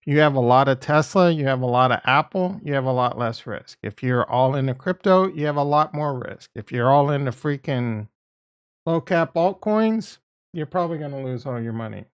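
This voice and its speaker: A man's voice: medium pitch, expressive, normal speed, clear, resonant tone. A man giving casual market commentary as a video host, blunt and profane, repeating his points and getting exasperated. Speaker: crypto and stock market YouTuber.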